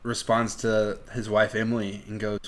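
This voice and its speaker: A man's voice: lowish voice, little pitch movement, normal speed, a bit bright. A man co-hosting a movie podcast in casual chat, animatedly retelling scenes, laughing often and speaking candidly, a little crude. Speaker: podcast co-host.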